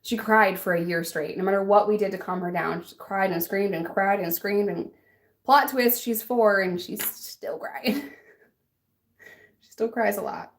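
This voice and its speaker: A woman's voice: mid-range voice, fairly even intonation, moderate pace. A young adult woman vlogger chatting casually and bluntly while doing her makeup, laughing often and answering a live chat.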